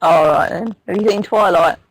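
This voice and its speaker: Woman co-host on a radio show, teasing and sarcastic, short quick comebacks, dry sound. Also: on the low side, vocal fry, slightly rough, dry recording, poor audio. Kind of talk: casual banter on a wrestling radio show.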